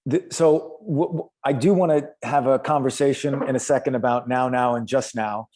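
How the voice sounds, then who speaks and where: A man's voice: mid-range voice, normal speed, a little mellow. A man, an actor, chatting as a guest in an interview and telling anecdotes with lots of fillers and restarts. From United States. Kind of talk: casual interview chat.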